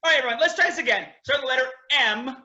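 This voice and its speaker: A man's voice: extremely high pitch, rapid-fire, sharp tone, muffled recording. A man refereeing a virtual improv comedy match over a video call, upbeat and chatty as he reads suggestions from the chat.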